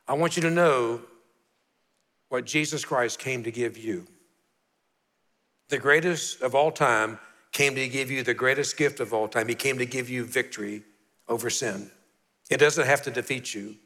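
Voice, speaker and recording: A man's voice: mid-range voice, moderate pace, pushed and bright, big-room sound. A man in his sixties, a pastor preaching a sermon with earnest storytelling and repeated key phrases. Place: church sanctuary.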